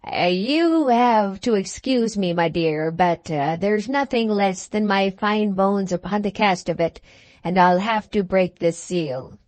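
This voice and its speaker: A woman voicing a bold, mocking Scottish outlaw man in a storybook, with a Scottish accent and drawn-out, teasing speech. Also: medium pitch, darkish tone, no room sound, close to an everyday voice. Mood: brisk.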